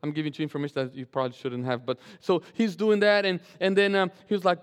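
A male pastor preaching a sermon and telling a story, animated, often restarting and repeating his phrases. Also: high-pitched, fast, smooth, big-room sound. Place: church sanctuary.

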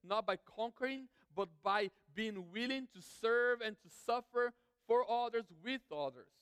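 A man's voice: high-pitched, fairly bright tone, smooth, no echo, in a large hall. A man preaching a sermon as pastor, emphatic, building lists and repeating his phrases.

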